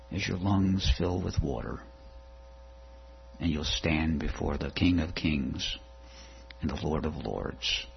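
Male preacher, low husky voice, dramatic sermon delivery, muffled recording with hum. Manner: dramatic preaching, builds to rhythmic recitation. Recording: dull lo-fi recording with mains hum.

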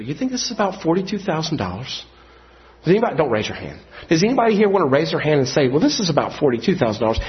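A man preaching a sermon, moving between quiet storytelling and loud, emphatic passages. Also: medium pitch. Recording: dull lo-fi sound.

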